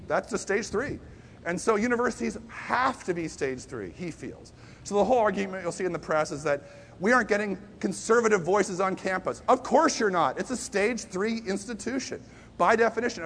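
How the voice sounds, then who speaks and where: In this conversational sermon, an animated storytelling preacher alternates hushed and booming emphasis and adds self-deprecating remarks. His voice sits high, and there's a little hiss or hum.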